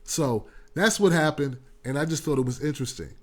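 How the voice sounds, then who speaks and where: A man's voice: on the high side, brisk. Slangy, fired-up talk-show host man. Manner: loose, slangy, irreverent, talks to the audience. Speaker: host of a call-in commentary show. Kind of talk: casual talk-show commentary.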